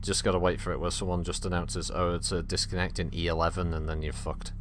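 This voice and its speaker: A man's voice: low-pitched, flat delivery, quick pace, a bit bright, slight background noise. A man chatting casually and swearing cheerfully while playing a game on stream. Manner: joking, sweary, chatty commentary. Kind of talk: casual gaming chat.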